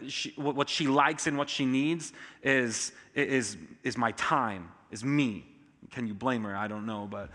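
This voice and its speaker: A man preaches a sermon in a church auditorium with strong emphasis, his voice abruptly rising in pitch and loudness. A long reverb tail lingers after his words.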